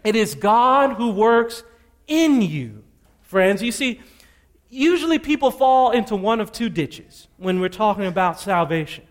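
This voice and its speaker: A high-pitched man delivers a sermon from a church pulpit. He repeats his scripture references with emphasis and drops playful asides to the congregation. His voice rises into animated, urgent stretches as he presses his points. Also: a little slow. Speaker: preacher. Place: church sanctuary.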